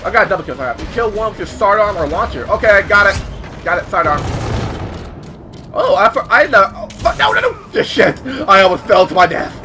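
Young male gamer, high and animated, excitable and foul-mouthed, game noise behind. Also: brisk. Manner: excitable, swears a lot, yelps at hits. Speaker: gaming YouTuber. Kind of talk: casual gameplay commentary.

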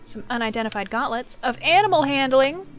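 A woman streamer giving chatty, excitable commentary while playing a game, full of quick asides and exclamations. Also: high voice, dull audio. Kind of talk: casual gameplay commentary. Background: game music.

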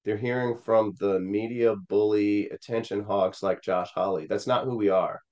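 A man's voice: lowish voice, steady tone, moderate pace, darkish tone, muffled recording. A man from Missouri, a Senate candidate, telling an emotional personal story with many fillers and acted-out quotes. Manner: rambling with many fillers, quoting voices.

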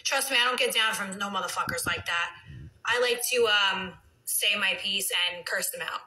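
A woman's voice: medium pitch, moderate pace, sharp tone, low-quality recording. A woman, chatting late at night with viewers on a phone livestream and cursing out trolls. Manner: brash, swears freely, talks back to trolls. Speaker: reality TV personality on a phone livestream. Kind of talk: casual livestream chat with viewers.

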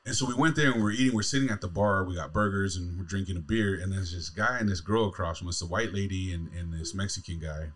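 A man's voice: low voice, fast, hardly any pauses, a bit bright, a little hiss or hum. A man in his forties from California, hosting a podcast, telling a long story casually, swearing and laughing as he goes. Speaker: podcast host.

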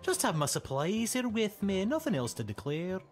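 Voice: medium pitch, very animated, moderate pace, faint music behind. A voice actor playing a cheerful, polite male goblin painter with a Scottish accent in a video game. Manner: polite, hearty laughter.

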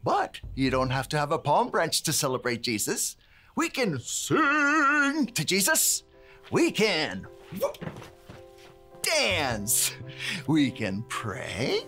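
Bouncy, slow-talking children's presenter man. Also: fairly high pitch, wildly swooping pitch, bright, forceful tone, faint music behind. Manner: bouncy, exaggerated, cheering with the kids. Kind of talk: energetic preschool Bible lesson.

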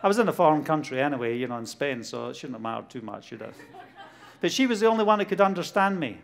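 A middle-aged man with a Glasgow Scottish accent gives a testimony sermon, telling a story with lively bursts and acting out dialogue. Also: fairly high pitch, fast, creaky. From Scotland. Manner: animated storytelling, laughs often, acts out dialogue. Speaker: preacher.

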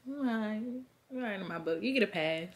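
A young woman chatting as a guest on a vlog, teasing and playful in a relaxed way. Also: mid-range voice, a little fast, a crowd in the background. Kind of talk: casual on-camera chat. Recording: music playing behind.

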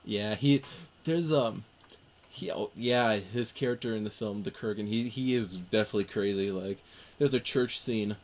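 A man with a fairly low voice talks through movie trivia in a loose, rambling way, often stopping to restart his sentences. It is relaxed podcast chat between friends. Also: moderate pace. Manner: rambling, many fillers and restarts. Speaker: podcast co-host. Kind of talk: casual film discussion.

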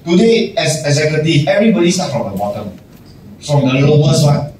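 A man's voice: a little high, very animated, a little fast, darkish tone. A man, a general manager giving a casual motivational talk to staff, acting out little scenes and laughing often. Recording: echoey room, distant mic, noisy.

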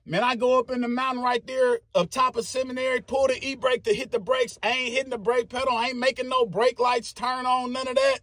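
A man, telling a story in a casual, animated, profane way, with sound effects. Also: very high-pitched, brisk, hardly any pauses, no room sound.

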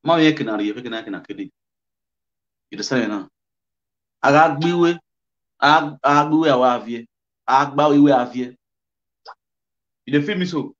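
A man with a Nigerian Pidgin accent giving animated, casual blog commentary, switching languages and laughing often. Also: mid-range voice, normal speed, pauses often. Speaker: blogger. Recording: dull lo-fi audio.

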